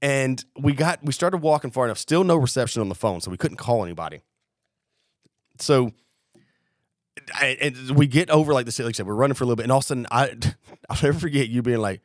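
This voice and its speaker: A young man with a mid-range voice tells a rowdy story, swearing and acting out the people in it. His delivery is animated and conversational. The sound is dry and close to the mic. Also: mid-range voice, fast, no room sound. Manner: animated, profane, acts out quotes. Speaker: podcast co-host. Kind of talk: casual storytelling.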